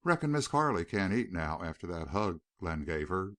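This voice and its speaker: A folksy, teasing Western rancher who drawls his words, as a male narrator reads him. Low voice with lively lift, dry close audiobook sound. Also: moderate pace, dry recording.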